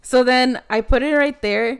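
Young woman, casual storytelling, acts out voices, laughs a lot, gravelly fry. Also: high voice, normal speed.

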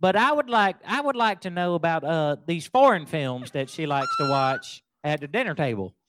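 A man's voice: fairly high pitch, very animated, normal speed, background noise. A man hosting a casual podcast chat, rambling with many restarts. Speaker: podcast host.

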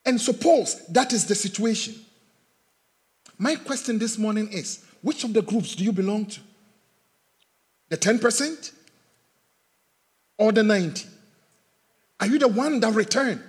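A male pastor preaching a sermon, swelling loud and then dropping soft. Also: high-pitched, breathy edge. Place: church sanctuary. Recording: reverberant hall.

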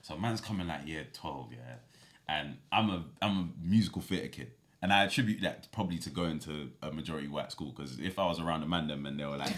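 A young man, an actor telling stories as a guest in a casual podcast chat, animated and full of slang. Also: very deep voice, a little fast.

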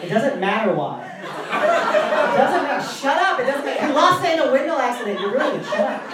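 A man's voice: very high voice, wildly swooping pitch, normal speed, very echoey, far from the mic, very noisy, pitched above the performer's own voice, heavily acted. A man voicing his wife as she tells an overwrought, theatrical Salem witch fantasy. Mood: melodramatic. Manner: theatrical, overwrought storybook narration.

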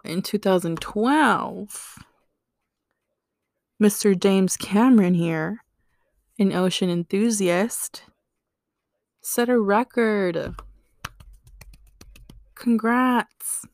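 A woman's voice: mid-range voice, gravelly, darkish tone, no room sound. A woman hosts a laid-back solo podcast, taking her time through the facts. She breaks in with slangy asides and joking reactions. Her voice sits close and dry on the mic. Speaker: podcast host. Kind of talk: casual solo podcast explainer.

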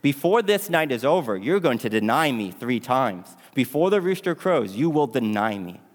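A man voicing Jesus as a calm, firm grown man while retelling a story in a sermon. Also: medium pitch, moderate pace. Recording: long hall reverb.

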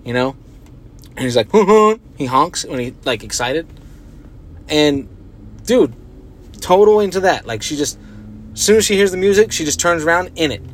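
Young guy rambling on his podcast, swears a lot, fillers everywhere, kinda high voice, faint hum behind. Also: lively intonation, moderate pace, pauses often. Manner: rambling, profane, heavy use of filler words. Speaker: podcast host. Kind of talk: casual solo podcast chat.

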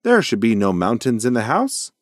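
A man's voice: mid-range voice, wildly swooping pitch, normal speed, dry recording, clean studio sound. A man voicing a curious, clever young female mouse in a bedtime story, in a lifted, eager voice.

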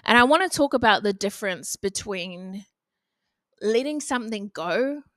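A woman's voice: medium pitch, animated, moderate pace, a bit bright, no echo. Young NZ-woman, podcast host, frank and sweary, dry sound. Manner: blunt, casual, swears freely. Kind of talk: motivational solo podcast talk.

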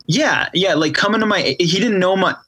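A man guesting on a podcast over a remote call, telling a heartfelt story in casual chat with halting speech and many restarts. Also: high-pitched, animated, sharp tone, husky, low-quality recording.

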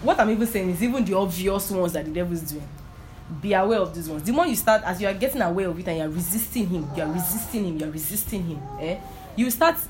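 A preacher with a lowish female voice shares personal testimony in a casual sermon, with slight noise in the background. She repeats points emphatically and frequently asks if everyone understands.

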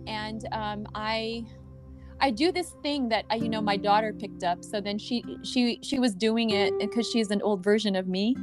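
A woman's voice: medium pitch, moderate pace, over music. A woman podcast host and healing coach in casual conversation, rambling and searching for words with lots of fillers, laughing easily.

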